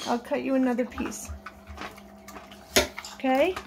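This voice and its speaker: A woman's voice: high voice, steady tone, unhurried, long pauses, noisy background. A woman vlogging at home at night, talking in a sing-song baby voice to her pets and chatting with viewers. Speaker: pet vlogger. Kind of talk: casual chat to pets and viewers.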